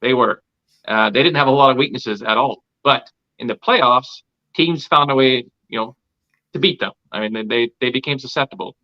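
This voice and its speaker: A man's voice: medium pitch, normal speed, muffled recording. A man co-hosting a casual sports podcast, a chatty and opinionated fan. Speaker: podcast co-host.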